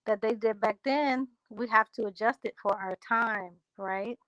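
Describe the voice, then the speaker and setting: A woman chats on a livestream, reading out her viewers' comments and answering each one. Her talk is loose and unhurried, drifting into a country drawl. The sound is dry and close, with no room around her. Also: fairly high pitch, fairly bright tone, no room sound, lo-fi sound. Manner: talks straight to viewers, reads out comments and answers them. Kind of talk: casual livestream chat.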